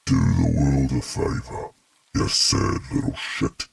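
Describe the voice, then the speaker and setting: A man voicing a harsh, raspy demon who sounds like an ancient chain-smoker, taunting with contempt in a horror story reading. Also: very deep voice, takes it slowly, no room sound, recorded from a distance, exaggerated voice.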